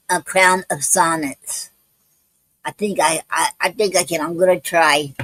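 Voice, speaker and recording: A woman poet hosting a live stream, out of breath, talking in a halting way with many fillers and restarts. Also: on the low side, slightly rough, no echo, rough recording. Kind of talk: casual live-stream chat and poetry reading.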